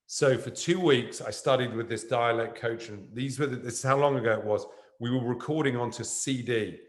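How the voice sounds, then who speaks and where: A man's voice: medium pitch, moderate pace, hardly any pauses, echoey room. A man, an actor as guest, telling a rambling anecdote on stage that jumps around. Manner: animated, jumps around in the story. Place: university event room.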